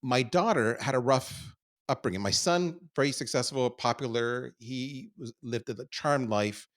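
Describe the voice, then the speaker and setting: A middle-aged man from Canada, a podcast guest, telling stories about his life in a candid, self-deprecating way that swings between quiet asides and loud bursts. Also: mid-range voice, unhurried. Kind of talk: candid conversational storytelling.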